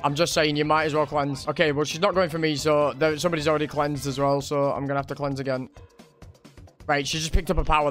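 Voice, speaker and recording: A young man giving casual gameplay commentary, excitable, laughing, swearing and shouting. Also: a little high. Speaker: gaming streamer.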